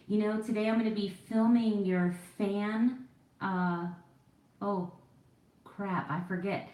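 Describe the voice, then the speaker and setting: A vlogger in her forties chats casually while doing her makeup at home, rambling and poking fun at herself in a get-ready-with-me style. Her mid-range voice is steady, a little mellow, and slow. The recording is poor and reverberant.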